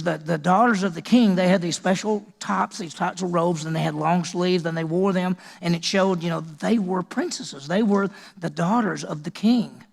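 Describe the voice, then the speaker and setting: A man's voice: sits high, gravelly. A male senior pastor preaching a sermon, emphatic and full of rhetorical questions to the congregation.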